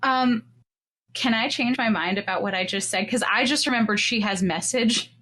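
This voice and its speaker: Woman player, hesitant casual chatter, fairly high voice. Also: normal speed, sharp tone. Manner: hesitant, giggly. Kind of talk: casual tabletop play.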